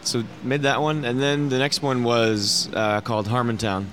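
A man, a documentary director, talking in a relaxed, conversational way as an interview guest. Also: medium pitch, normal speed. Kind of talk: casual interview.

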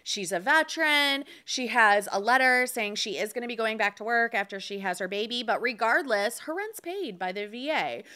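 Animated storytelling woman with a smooth, high voice. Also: normal speed, few pauses. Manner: animated storyteller, acts out the people she quotes. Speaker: podcast co-host, real estate agent. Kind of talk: casual podcast storytelling.

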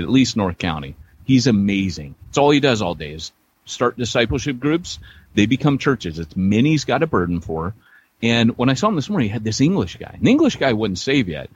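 An American man co-hosts a podcast in loose, joking chat, his voice husky and full of swooping pitch. The audio sounds somewhat dull and lo-fi, as if captured on a modest setup. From United States. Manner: animated storyteller, joking. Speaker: podcast co-host. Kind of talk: casual chat. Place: San Diego area.

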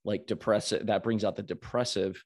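Energetic American man hosting a chat. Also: on the low side. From United States. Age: 40s. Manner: energetic, halting with restarts, laughs easily. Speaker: podcast host. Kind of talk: casual interview chat. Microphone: video call.

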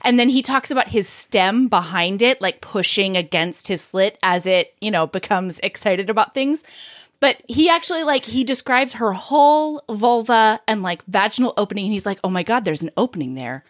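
A woman co-hosting a casual book-chat podcast, retelling a story in an animated, giggly way with plenty of filler words. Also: medium pitch, moderate pace. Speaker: podcast co-host.

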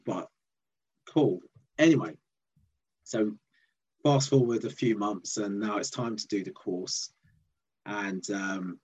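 Low husky man telling a story. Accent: Essex English. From England. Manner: animated, acts out quoted voices. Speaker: guest comedian. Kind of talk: storytelling interview chat. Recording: dull lo-fi sound.

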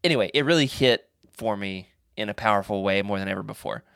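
Rambling, animated male podcast host. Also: fairly low pitch, fast talker, gravelly, clear, resonant tone, dry recording, studio quality. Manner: rambling anecdotes with restarts and animated quoted voices. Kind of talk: casual chat.

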